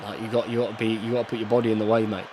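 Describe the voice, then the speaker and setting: Bloke, 30s, low-ish voice, keeps saying mate, gets worked up, cuts his sentences off. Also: rapid-fire, a crowd in the background. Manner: excitable, says "mate" constantly, trails off mid-sentence. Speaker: podcast guest, rugby player. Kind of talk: casual chat, reacting to match footage.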